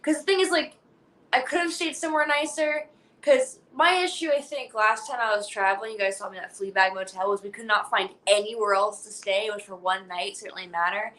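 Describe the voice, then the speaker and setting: A woman's voice: medium pitch, fairly even intonation, a little fast, sharp tone, low-quality recording. A woman guest on a livestream, telling stories in a bubbly way, with many "like"s. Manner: bubbly, filler-heavy storytelling. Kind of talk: casual livestream chat.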